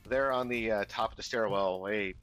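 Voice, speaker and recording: A man's voice: lowish voice, normal speed, a bit bright, soft background music, rough recording. A man narrating as game master of a tabletop game, rambling with many fillers.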